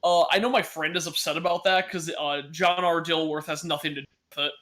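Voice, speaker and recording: Chatty storytelling man, voice a bit high. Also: steady tone, fairly quick, bright, forceful tone. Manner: rambling storyteller, casual swearing. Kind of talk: casual chat.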